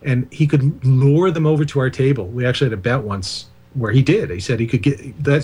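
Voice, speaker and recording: A man's voice: mid-range voice, a little fast, hardly any pauses, darkish tone, breathy edge. Digressive male author on a radio call-in. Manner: discursive, digressive, self-deprecating asides. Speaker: author and filmmaker guest. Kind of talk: radio interview talk.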